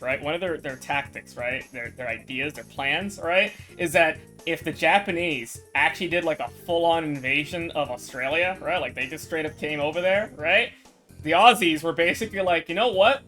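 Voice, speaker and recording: A woman's voice: low-pitched, fairly bright tone. A woman streamer in casual chat with her viewers, swearing, rambling and laughing often.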